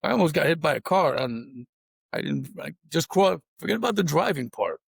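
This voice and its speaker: A man with a New York accent hosting a podcast, talking haltingly and laughing often. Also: on the high side, very animated, creaky, husky, no echo, studio quality. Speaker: podcast host. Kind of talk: podcast conversation.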